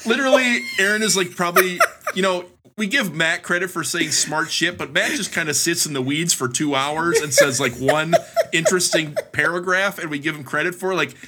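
A man co-hosting a podcast, excitable and teasing, laughing as he talks. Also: fairly high pitch, fairly quick. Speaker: podcast co-host. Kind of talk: casual podcast chat. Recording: loud background noise.

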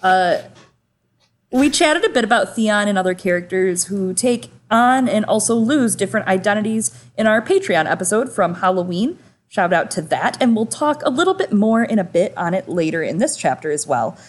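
A woman's voice: medium pitch, animated, moderate pace. Woman co-host, casual chat, enthusiastic, loose and profane. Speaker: podcast co-host.

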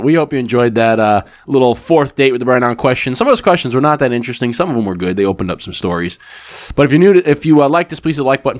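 A man in his thirties co-hosting a podcast, telling a story in casual, profanity-laced chat. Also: mid-range voice. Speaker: podcast co-host.

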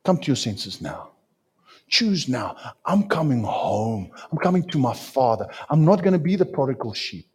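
Husky-voiced man preaching a sermon. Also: very animated, normal speed. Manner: preaching, dramatic swings of pitch and loudness. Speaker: pastor.

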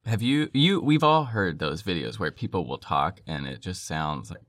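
A man's voice: low-pitched, expressive, moderate pace, fairly bright tone, no echo, studio quality. A young man co-hosting a podcast, chatting casually, laughing often and mimicking accents. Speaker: podcast co-host. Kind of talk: casual chat.

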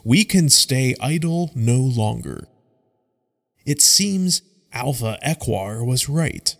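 A stern, commanding beast-like tribal chief from a storybook, voiced by a man, slow and deliberate with a gravelly rasp. The voice carries a long hall reverb. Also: medium pitch, expressive. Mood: determined. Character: stern, compassionate furred male tribal chief.

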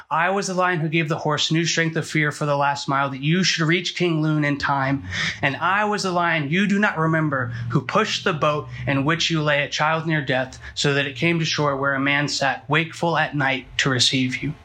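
Storybook lion, vast and calm, measured and solemn; a man reading it in a slightly high, bright voice. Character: huge calm male lion speaking from the dark. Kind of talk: reading a story aloud in a talk.

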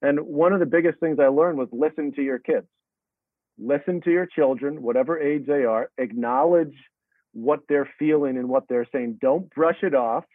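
A middle-aged tennis coach answers interview questions earnestly and reflectively, restarting his sentences many times. His voice is on the high side at normal speed, coming through a dry, tinny, phone-like line with no room sound.

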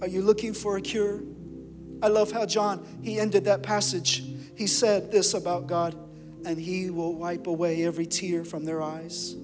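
High-voiced male pastor preaching in a reverberant hall. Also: level tone, moderate pace. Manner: impassioned preaching, swinging from loud to hushed. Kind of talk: sermon. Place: church sanctuary. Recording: long hall reverb with music behind.

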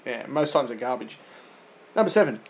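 A man's voice: medium pitch, expressive, fairly quick, gravelly, rough recording. Teasing quiz-host man. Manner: joking, teasing, reads questions aloud. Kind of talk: casual chat.

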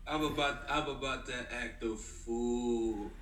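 A man co-hosting a podcast, speaking in an excited, emphatic way. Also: mid-range voice, slow pace, low-quality recording. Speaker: podcast co-host. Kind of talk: casual podcast chat.

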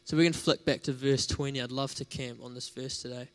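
A man's voice: mid-range voice, steady tone, brisk. A man preaching a sermon in a conversational, storytelling way, with casual fillers.

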